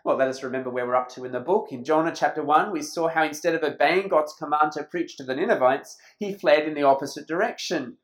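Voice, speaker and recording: A preacher delivering a sermon in a church, emphatic and slowing down on key phrases. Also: mid-range voice, rough recording.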